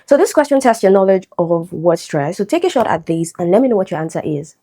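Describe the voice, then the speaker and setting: A woman's voice: on the low side, very animated, quick pace, mellow. A woman teaching an exam-prep English lesson, explaining step by step and checking in with a frequent "okay?". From Nigeria.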